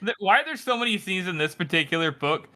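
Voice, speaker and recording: Bright, high-voiced laughing man. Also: animated, fast talker. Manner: laughs often, riffs with mock dialogue. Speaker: podcast co-host. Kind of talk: casual chat.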